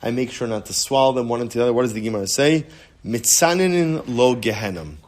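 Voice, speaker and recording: A man's voice: medium pitch, fairly even intonation, very fast, a little mellow. A man, a rabbi, giving a casual Talmud lesson in a conversational way, often repeating words as he restarts a sentence and answering students. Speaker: rabbi teaching a Talmud class.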